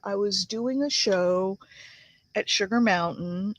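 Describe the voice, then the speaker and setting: In a slightly bright, mid-range voice with no echo, a woman in her sixties talks unhurriedly on her crafts channel's live stream. She chats casually, says hello to viewers by name, reads out their comments, and leans on frequent fillers.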